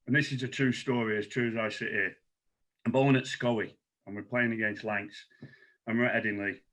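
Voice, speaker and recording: A man guest on a podcast, telling cricket stories in a lively, salty, chuckling way. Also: lowish voice, brisk. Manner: animated storyteller, salty language, chuckles. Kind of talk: casual anecdote telling.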